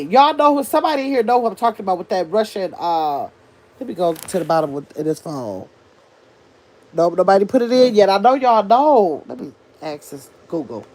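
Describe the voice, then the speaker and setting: An older woman hosting a casual livestream, chatting with her viewers and reading their comments aloud as she thinks out loud. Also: medium pitch. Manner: chatty, animated, thinks out loud, addresses chat as y'all. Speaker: livestream host reading chat.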